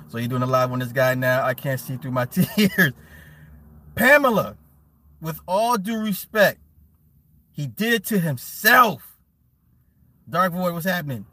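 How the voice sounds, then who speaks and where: A man hosting a casual livestream, reading chat aloud and riffing with loud laughs, mockery and swearing. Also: a little high, slow, long pauses, dry recording. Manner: animated, laughing, mocking, swearing.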